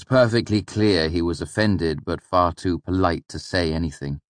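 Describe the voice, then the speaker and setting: A man narrating an audiobook in the first person, in a measured, reflective storytelling manner. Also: sits low, dry recording.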